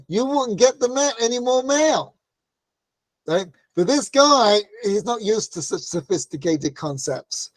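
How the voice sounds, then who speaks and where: Man, high voice, dry close sound, storytelling Torah class, chatty with "right?" asides. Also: no room sound. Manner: conversational, frequent "right?" asides; acts out quoted voices in stories. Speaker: Torah teacher.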